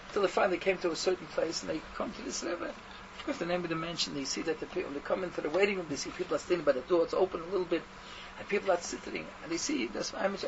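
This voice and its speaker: Man with rambling thru a story, high voice, muffled noisy recording. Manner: rambling, repetitive, animated. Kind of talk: telling a Hasidic tale, mixing Yiddish. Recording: dull recording with steady noise.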